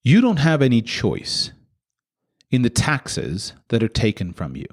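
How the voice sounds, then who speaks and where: A man's voice: huge pitch swings, a little slow. A man hosting a podcast, talking in an impassioned monologue full of repeated rhetorical questions. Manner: rhetorical, repeated questions with sharp pitch jumps. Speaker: podcast host.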